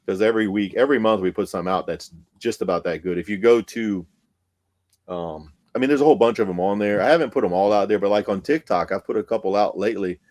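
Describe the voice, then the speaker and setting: A man, a paranormal investigator guest telling a story in casual podcast chat, excited and profane, with many fillers. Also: fairly low pitch, quick pace.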